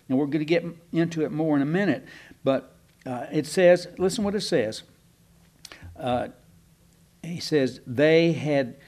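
A man's voice: a little high, darkish tone. A man teaching a Bible class in a folksy, rambling way, with asides to his listeners.

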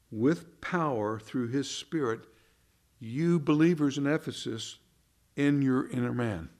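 A man preaching a sermon, earnest, firing rhetorical questions and often repeating words, rising in pitch and volume for emphasis. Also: darkish tone.

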